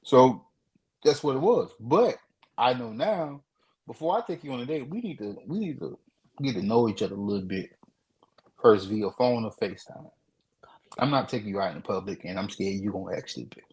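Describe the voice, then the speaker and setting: A man co-hosting a podcast, telling a dating story in relaxed, rambling casual chat. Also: mid-range voice, normal speed, rough recording. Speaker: podcast co-host.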